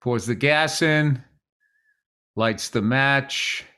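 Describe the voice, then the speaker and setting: A man's voice: medium pitch, very slow, sharp tone. A man co-hosting a podcast in casual chat, wry and joking, telling stories with lots of animation. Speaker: podcast co-host.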